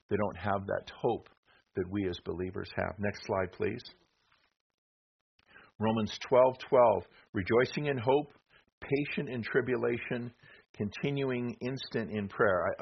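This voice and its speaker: A man's voice: lowish voice, creaky, breathy edge. A middle-aged man preaching conversationally, reading scripture aloud between rhetorical questions and asides to the congregation. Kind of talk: sermon with slides. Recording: dull lo-fi with faint noise.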